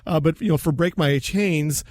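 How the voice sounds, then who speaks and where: A male podcast host asking interview questions in a halting way, with many fillers. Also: fairly high pitch, a little mellow, no echo.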